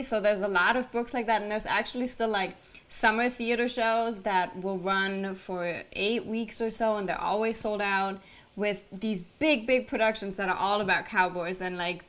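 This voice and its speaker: A woman's voice: mid-range voice, a bit bright. Chatty woman from Germany. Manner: chatty, frequent "like" fillers. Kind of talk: casual chat.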